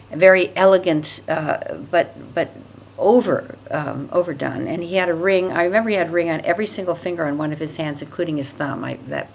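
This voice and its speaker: An older woman with a deep voice appears as a podcast guest, telling a personal story vividly and emphatically, often repeating words for effect.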